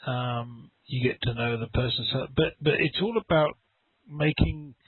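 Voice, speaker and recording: A man's voice: medium pitch, a little slow, breathy edge, dry recording. Man over a tinny call. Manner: rambling, repeats words, acts out little dialogues. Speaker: English teacher. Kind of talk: conversational online English lesson. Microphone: video call. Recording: dry, tinny call audio.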